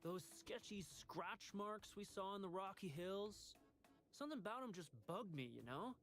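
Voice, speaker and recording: A man's voice: high voice, expressive, normal speed. A man voicing a laid-back young surfer-dude adventurer in a video game, drawling in surfer slang. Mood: puzzled, serious. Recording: game audio with loud music. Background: game soundtrack music.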